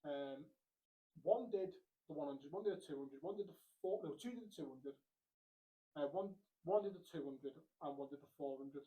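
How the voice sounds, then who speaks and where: A man's voice: on the high side, moderate pace, phone-quality sound. Man telling a laughing story. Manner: animated, laughs through the punchlines, acts out quotes. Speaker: podcast host. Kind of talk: casual storytelling. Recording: quiet, badly set microphone.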